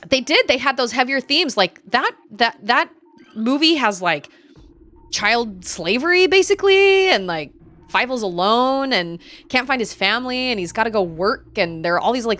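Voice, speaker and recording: A chatty woman streamer talking casually over her gameplay, laughing and gasping as she goes. Her voice is bright and crisp, with lively swings in pitch. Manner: animated, chatty, laughs often, gasps.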